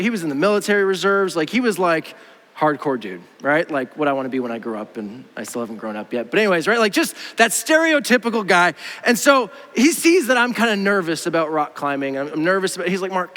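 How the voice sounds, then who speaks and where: Thirties male pastor, casual and animated, bright and high, big reverberant hall. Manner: casual, animated, acts out quoted voices. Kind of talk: sermon. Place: church auditorium.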